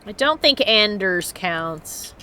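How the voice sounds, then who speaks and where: Woman let's-player, lively pitch swings, chatty and amused. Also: slow pace, slight background noise. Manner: chatty, laughs often, reads notes aloud. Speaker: let's play streamer. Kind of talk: casual gameplay commentary.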